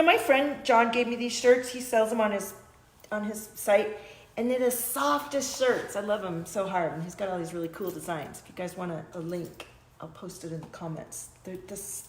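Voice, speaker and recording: A woman's voice: mid-range voice, normal speed, echoey room, slight background noise. A woman hosting a casual spiritual livestream from her small home studio, pulling oracle cards for viewers, chatting loosely and now and then breaking into chanted light-language syllables.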